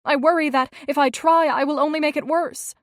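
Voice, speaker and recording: A woman's voice: fairly high pitch, normal speed, no room sound, clean studio sound, close to an everyday voice. A woman voicing a tearful young woman with a troubled past in an audiobook, earnest and pleading.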